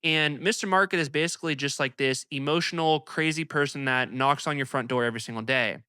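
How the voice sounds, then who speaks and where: A young man hosting an investing video, talking to camera in an energetic, emphatic, conversational way. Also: fairly high pitch, fairly quick, smooth, no echo, studio quality. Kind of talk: casual commentary to camera.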